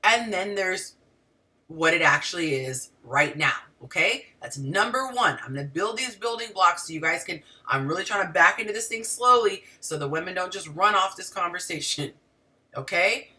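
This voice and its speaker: Woman host, relationship coach; lowish, bright, animated delivery, mic set back a bit. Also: moderate pace, distant mic. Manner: animated, talks to the audience directly with frequent asides. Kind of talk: casual livestream talk to viewers.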